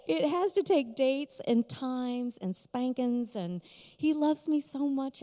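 A middle-aged woman speaks at a conference, giving an emotional personal testimony and telling her story with frequent laughs. Her high, sing-song voice has a dark tone, and she talks very slowly with many pauses. The large conference hall adds a long reverb.

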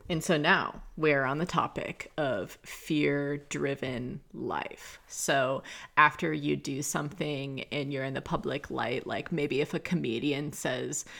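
A woman's voice: deep voice, moderate pace, vocal fry, a bit bright. A young woman hosting a casual solo podcast, chatty and swearing often as she talks things through. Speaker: podcast host.

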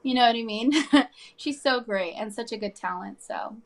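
A woman's voice: on the high side, normal speed, gravelly. Bubbly woman gushing in an interview. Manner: bubbly, gushing, many fillers. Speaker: actress guest. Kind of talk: casual interview chat.

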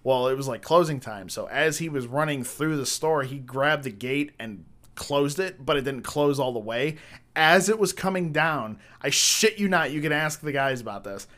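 A man's voice: on the high side, normal speed, a bit bright. A man telling rambling, profane work stories in a casual chat, full of restarts and crude jokes. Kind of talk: casual storytelling.

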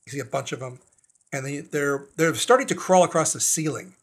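Man game master with a higher voice. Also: a little fast, crowd noise. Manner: hesitant, with many fillers and restarts. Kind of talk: narrating a tabletop horror game.

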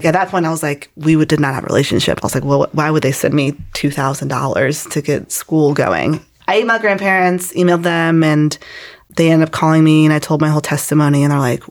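A woman's voice: low-pitched, quick pace. Young woman sharing her faith story, chatty and earnest, says like a lot. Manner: casual and earnest, heavy use of "like". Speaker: guest.

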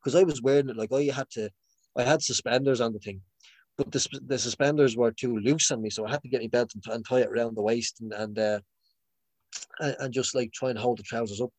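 A young man with a medium-pitched, steady, slightly mellow voice talks fast in a recording with no room sound. He's chatting casually and rambling. He restarts a lot, uses many fillers, and laughs often.

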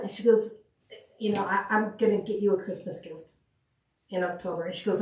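A woman's voice: mid-range voice, steady tone, normal speed, a little mellow. Woman paramedic telling stories, echoey room. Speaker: paramedic guest. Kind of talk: casual storytelling on a podcast. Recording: echoey room, mic at a distance.

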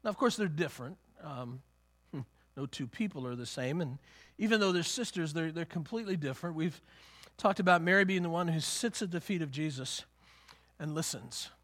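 A man's voice: on the high side, moderate pace, a bit bright. A man preaching a sermon in a conversational way, often restarting phrases and acting out the words of the people in his story. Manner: conversational, repeats and restarts, acts out quotes.

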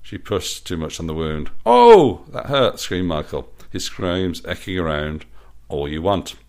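Deep-voiced man reading a story. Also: fairly even intonation, a little slow. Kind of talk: reading his own story aloud.

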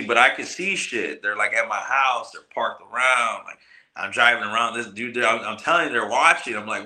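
A man's voice: mid-range voice, fairly quick. A man from telling a long story in casual, profane slang, acting out the people he quotes. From Michigan, US. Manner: profane, slangy, animated retelling with quoted voices. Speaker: podcast guest, cannabis grower. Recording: roomy echo.

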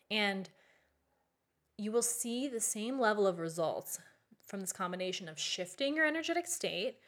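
A woman's voice: mid-range voice, a bit bright. A young woman casually teaching modern witchcraft in a chatty, candid way, with frequent fillers and the odd swear word.

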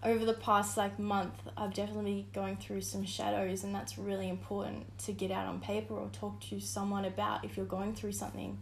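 A woman's voice: medium pitch, flat delivery, fairly quick, gravelly, hardly any pauses, a little hiss or hum. A young woman, a podcast guest talking candidly, swearing casually and laughing often. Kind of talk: casual chat. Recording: roomy echo.

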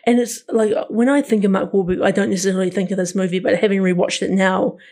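A man's voice: high voice, fairly even intonation, fast, darkish tone. A man co-hosting a podcast, chatting casually about a film in a rambling way with lots of fillers. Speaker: podcast co-host.

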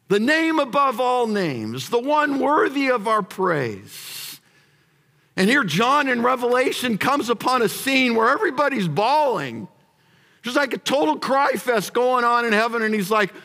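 A man preaching a sermon as pastor, moving between hushed prayer and shouted emphasis and repeating phrases as he builds. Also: very high voice. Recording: long hall reverb.

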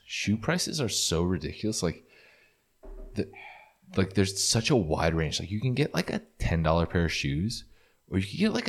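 A young man co-hosting a podcast, joking and swearing in casual banter, full of "like". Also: low voice. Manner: joking, swears a lot, says "like" often. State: hungover. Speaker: podcast co-host.

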